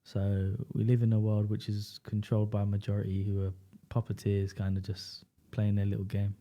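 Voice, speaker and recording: A man with a London accent chats as a guest in a relaxed interview. His voice sits a bit low, and he often stops on "um" as he thinks. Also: a little fast. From England. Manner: relaxed, with frequent "um" fillers. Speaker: guest rapper. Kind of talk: casual interview chat.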